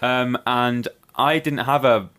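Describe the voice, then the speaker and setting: A man's voice: medium pitch, fairly even intonation, slow pace, a bit bright. A man co-hosting a podcast, telling a long school story in a rambling way with filler words. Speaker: podcast co-host. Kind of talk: casual chat.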